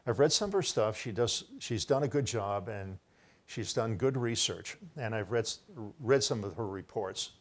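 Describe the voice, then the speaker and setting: His voice sits on the low side and is expressive, at a normal speed. An older man presenting his research in a rambling solo talk to camera, he shows book pages, frequently corrects himself, and maintains he was first with an idea.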